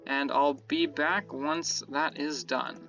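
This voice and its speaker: A man with a bright, slightly high voice rambles through his gameplay, stopping to correct himself as he goes. The audio is dull and lo-fi, with faint music under it. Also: steady tone, slow pace. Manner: rambling, self-correcting, talks to himself while building. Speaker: Minecraft let's-play creator. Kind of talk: casual gameplay commentary.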